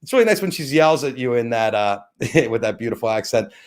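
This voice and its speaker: A man's voice: medium pitch, animated, fairly quick. A middle-aged man hosting a casual live stream, rambling as he thanks viewers by name and plugs sponsors. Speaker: host of a live-stream show.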